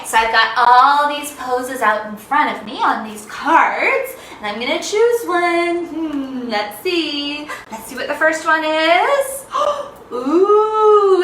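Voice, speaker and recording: High, slow, bright-voiced woman teaching kids yoga. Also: roomy sound, distant mic, a little hiss or hum, low-quality recording. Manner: bright, playful, sing-song teacher voice with animal sounds. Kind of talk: children's yoga lesson.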